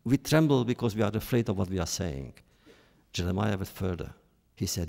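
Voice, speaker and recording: Solemn man lecturing with a gravelly voice. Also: a little high, expressive, darkish tone. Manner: solemn, measured, with emphatic rises on key words. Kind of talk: formal public lecture.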